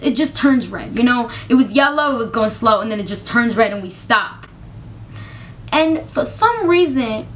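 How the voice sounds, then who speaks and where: A high-pitched young woman tells her story straight to camera, cursing freely and getting animated as she goes. A faint low rumble sits behind her voice. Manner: animated, swears freely, laughs while telling. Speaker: vlogger. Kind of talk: storytime vlog.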